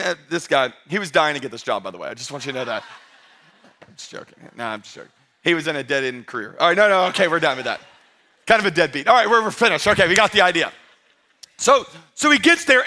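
A male pastor preaching a sermon with lots of energy, mixing jokes and sudden shouts with soft, intimate moments. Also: high voice. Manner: drops to soft, intimate tones for emphasis.

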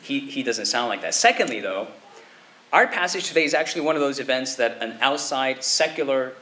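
A man preaching a sermon in a conversational way, often checking in with his listeners with a quick "okay?" or "right?". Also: mid-range voice, expressive, sharp tone. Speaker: pastor.

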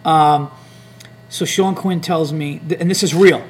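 A comedian hosting his podcast spins a long, profane story in casual conversation, voicing the hecklers' lines himself as he rambles. His voice is on the high side, a little slow, with fairly even intonation.

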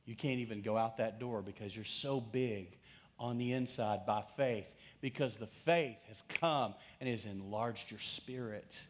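Pastor, middle-aged man, sermon delivery; conversational preaching that drops to quiet, slowed emphasis. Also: lowish voice. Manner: conversational preaching with swings between loud emphasis and hushed, slowed lines.

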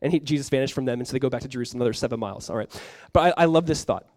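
A young male pastor preaching a sermon in a lively, conversational way, often dropping in "like" as he talks. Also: mid-range voice, racing, dry recording. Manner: animated, conversational preaching with frequent "like".

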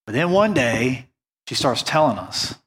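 A man's voice: medium pitch, very animated, a little hiss or hum. Earnest man preaching a sermon. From United States. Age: adult, went on a mission trip after high school. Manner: earnest, conversational preaching with emphatic slow stresses. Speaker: pastor.

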